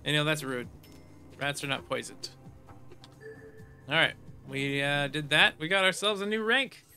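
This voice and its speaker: Soft background music plays as a man chats through his game in casual let's play style, reading screen text aloud and adding silly hums and sound effects. He speaks at a normal speed in a voice a little high for a man, very bright and forceful.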